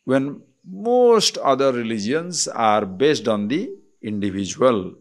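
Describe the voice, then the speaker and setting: A man with an Indian accent, a swami giving a spiritual discourse on scripture, explaining deliberately and checking in with rhetorical questions. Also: medium pitch, sing-song.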